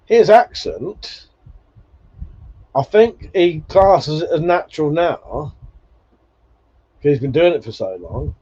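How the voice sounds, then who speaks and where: A man's voice: on the high side, expressive, slow pace, long pauses, warm tone, husky. A man hosting a casual livestream, chatting and swearing freely between laughs. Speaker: livestream host. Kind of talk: casual chat reading viewer comments. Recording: dull lo-fi stream audio.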